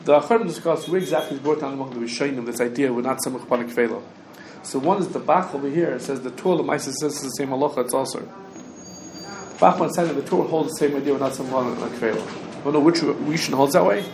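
A man teaching a Talmud class to students, talking quickly and restarting often, with Hebrew and Yiddish terms mixed in. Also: medium pitch, a little mellow. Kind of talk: casual Talmud study lesson. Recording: echoey room with faint background noise.

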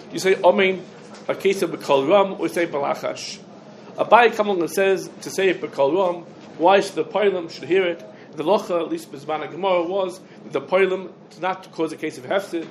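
High-voiced man giving a quick Talmud lesson. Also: a little hiss or hum, low-quality recording. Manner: rapid, loose Hebrew-English lecture speech with restarts. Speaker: rabbi teaching a Talmud class. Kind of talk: halachic lecture to a class.

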